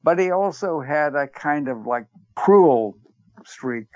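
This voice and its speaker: An older man tells anecdotes in a relaxed interview, chuckling now and then. His voice sits a little high. The recording is dry and dull, with little room sound. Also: takes it slowly, dry recording. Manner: chatty storyteller, chuckles while telling, acts out quoted voices. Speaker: theater writer guest.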